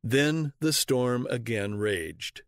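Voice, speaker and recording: A man narrating an audiobook in a measured, deliberate reading voice, close to the mic. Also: mid-range voice, expressive, no room sound. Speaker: audiobook reader.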